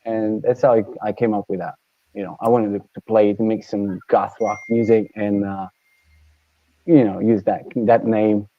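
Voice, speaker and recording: A man from Italy, speaking in a lowish voice, chats through a remote call as a band guest. He hesitates often and fills gaps with fillers. The audio is dull and dry. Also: fairly even intonation, normal speed, no room sound. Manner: hesitant, filler-heavy, laughs easily. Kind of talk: casual interview chat.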